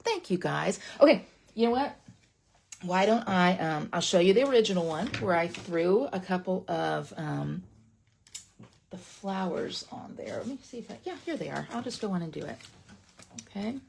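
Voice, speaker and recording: There's a little hiss or hum behind this middle-aged woman's fairly low, fry-tinged voice, which moves at normal speed. Teaching a live online card-making class from a webcam at her craft desk, she chats and rambles, whispering when excitement takes over.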